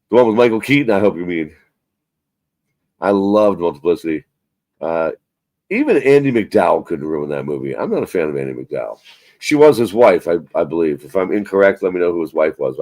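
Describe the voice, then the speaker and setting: A man hosts a casual live stream, his low, darkish voice recorded with no room sound. He rambles about movies, swearing and poking fun at himself.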